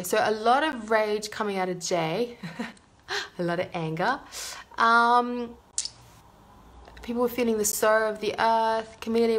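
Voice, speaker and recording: A woman's gentle voice leads a guided meditation at a middle pitch. She speaks softly and unhurriedly, repeating soothing affirmations, sometimes sinking to a hushed near-whisper. She then reads viewers' comments aloud and answers them. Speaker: energy healer leading a live meditation.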